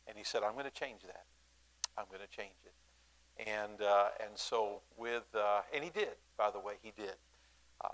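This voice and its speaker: A male pastor talks to his congregation in a church. His voice sits low and has a gravelly, creaky edge. He speaks in a folksy, halting way, stopping to restart his sentences and asking the room to say things back to him. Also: a bit bright, poor audio. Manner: folksy, halting, many fillers and restarts, calls for responses. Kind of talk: church announcements and sermon to a congregation. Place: church sanctuary.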